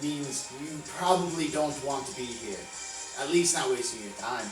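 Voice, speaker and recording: A man's voice: medium pitch, animated, normal speed. A man playing a tabletop role-playing game, talking brashly and joking as his dwarf character. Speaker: player. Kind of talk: tabletop role-play chat. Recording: roomy, distant, music behind.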